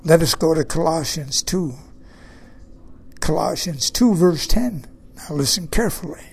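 A man's voice: fairly high pitch, expressive, unhurried, creaky, pauses often, slightly rough. A man preaching a sermon, emphatic, repeating key phrases and putting questions to his listeners.

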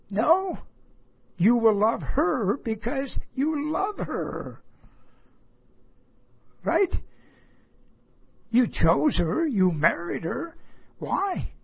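Husky, slow-talking preacher man. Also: very high-pitched, big pitch swings. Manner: earnest and rhetorical, asks the listeners questions. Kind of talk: sermon. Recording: dull lo-fi recording.

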